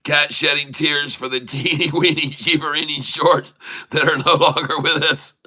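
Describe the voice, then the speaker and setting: A middle-aged man hosting a live day-trading stream, folksy and excitable, thanking viewers and calling out moves to his "folks.". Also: fairly high pitch, normal speed. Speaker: day-trading livestream host.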